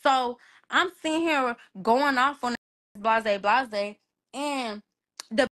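A high-pitched young woman talks into her phone on a livestream, recounting events in a loose, casual way. She swears freely and jumps into the voices of everyone she quotes. It sounds like she's chatting from her bedroom. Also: slow. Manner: animated, profane, acts out quoted dialogue. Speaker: livestream host.

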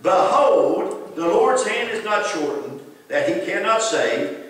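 Preacher, emphatic sermon, high voice, heard from far off in a big echoing church hall. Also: male voice, sing-song, takes it slowly, fairly bright tone, a little hiss or hum. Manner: emphatic, addresses listeners by name.

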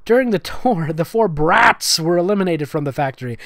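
A sarcastic comedic reader mocking fan fiction as they read. Their pitch swings about a lot, and the voice is recorded dry and close with almost no room sound. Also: animated, a little fast, a bit bright, no echo. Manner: sarcastic, mocking, self-correcting asides. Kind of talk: comedic reading with sarcastic commentary.

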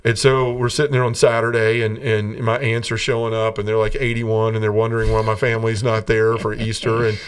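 A man's voice: fairly low pitch, flat delivery, fairly quick, hardly any pauses, clear, resonant tone, far from the mic. A middle-aged man from the American South giving a personal testimony in a podcast interview, storytelling earnestly and acting out the voices of the people in his story. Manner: earnest storytelling, acts out quoted voices, laughs between lines. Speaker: guest telling his conversion story.

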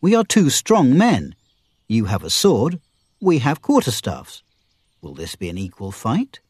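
A man's voice: medium pitch, huge pitch swings, unhurried, a little mellow, husky, no echo, clean studio sound, exaggerated voice. A man reading as a bold outlaw leader. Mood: commanding.

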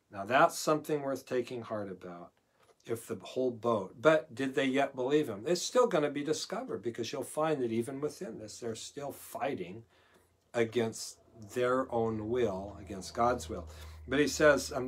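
A male pastor giving a conversational verse-by-verse Bible teaching, moving between loud emphasis and quiet asides. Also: medium pitch, expressive, moderate pace, husky. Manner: conversational, swings from loud emphasis to near-murmur.

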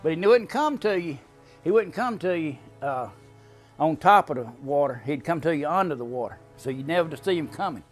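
A man's voice: a little high, lively intonation, fairly quick, faint music behind. An older man telling a family story in a folksy, drawling way, chuckling often. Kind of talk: casual storytelling.

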